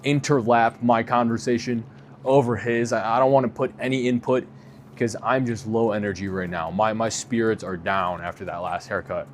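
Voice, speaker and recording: A man's voice: lowish voice, steady tone, moderate pace, a little hiss or hum. Profane, exasperated young man telling a story. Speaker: vlogger. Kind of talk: casual storytime.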